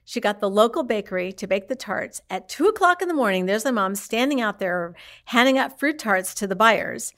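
A woman, a guest on the show, tells her mother's story in an animated way and acts out the people she quotes. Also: medium pitch, moderate pace, hardly any pauses. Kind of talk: lively storytelling in an interview.

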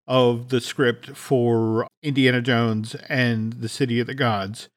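Male podcast host, animated script reader, middling voice. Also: medium pitch, slow pace. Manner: animated storytelling with restarts. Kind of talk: reading a film script aloud.

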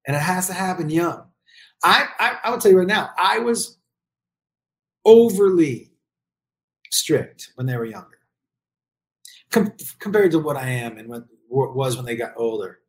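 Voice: mid-range voice, lively intonation, unhurried, pauses often. A middle-aged parent giving blunt, profane advice on raising kids in a casual comedic rant.

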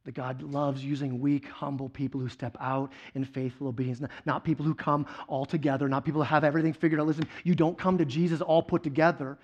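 A man with a high-pitched voice preaches a sermon, moving between loud, excited storytelling and low, earnest moments. The recording sounds dull and lo-fi. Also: fast, few pauses. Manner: animated storytelling, swings from loud excitement to quiet intensity. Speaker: guest preacher.

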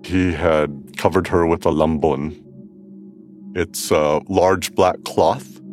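A tattoo practitioner telling a personal story in a calm, measured way. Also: male voice, low-pitched.

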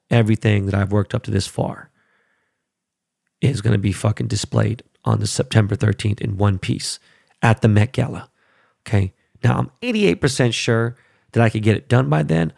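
A middle-aged man hosting his own podcast in casual chat, rambling and profane, and he gets loud and worked up. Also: lowish voice, normal speed, gravelly, no room sound, studio quality. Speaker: podcast host.

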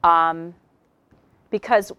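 A woman trainer explains workplace communication in a casual, conversational manner, slipping into quick example dialogues. Her voice sits slightly low for a woman. The sound is dry, with almost no room around it. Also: fairly even intonation, fairly bright tone, smooth, no echo, highs cut off. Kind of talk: instructional talk.

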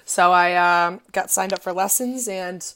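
A woman in her twenties from Illinois, co-hosting a casual podcast and talking in an excitable, gushing way with lots of "like" fillers. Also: on the low side, moderate pace. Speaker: podcast co-host.

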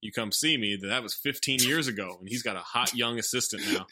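Bright-voiced man recapping a movie. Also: medium pitch. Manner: narrates plot in quick deadpan summaries, swears casually. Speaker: podcast co-host recapping a movie. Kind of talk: casual comedic movie recap.

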